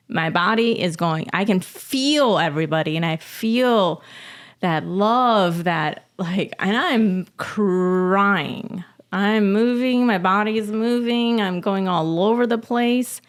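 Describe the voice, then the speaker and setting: A woman telling a personal story as a podcast guest, emotional and halting, often laughing. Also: mid-range voice, clean tone. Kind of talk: casual interview storytelling.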